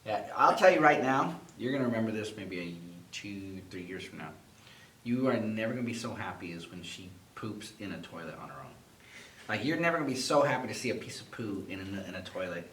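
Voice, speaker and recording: A man's voice: on the low side, expressive, brisk, a bit bright, recorded from a distance. A man talking as a podcast co-host and father, giving earnest advice in a casual way. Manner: earnest, advising, lots of "yeah" backchannels. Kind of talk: casual chat. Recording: roomy, off-mic, faint hiss.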